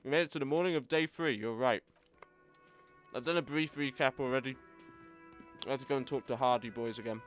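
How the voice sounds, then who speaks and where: A man's voice: medium pitch, brisk, long pauses, soft background music. A young man with a sore throat streaming a game, chatting wryly and reading chat aloud while he eats. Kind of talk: casual game stream commentary.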